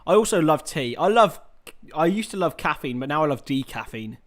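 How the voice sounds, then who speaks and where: A young man hosting a live football watchalong, chatting with viewers, swearing freely and shouting at big chances. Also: fairly high pitch, expressive, fairly quick. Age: young adult. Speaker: watchalong host.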